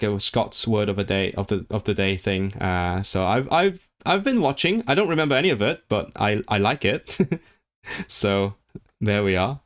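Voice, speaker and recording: A man in his thirties from Hong Kong, chatting casually on a livestream, reading viewers' messages aloud and rambling with many restarts. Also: lowish voice. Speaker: livestream host.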